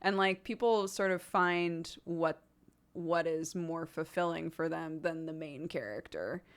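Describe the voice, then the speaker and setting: A young woman streams in casual, chatty talk, her voice sitting a touch low. She is animated and self-deprecating, laughing easily and slipping into little theatrical performances. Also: a little slow, clean tone. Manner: theatrical, acts out quotes. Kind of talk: casual chat.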